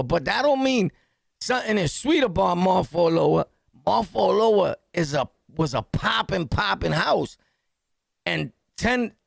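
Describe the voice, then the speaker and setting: High gravelly New York man. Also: no room sound, clean studio sound. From New York City. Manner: animated, slangy, punchy storytelling with sound-effect words. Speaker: podcast host. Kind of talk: storytelling jail anecdote.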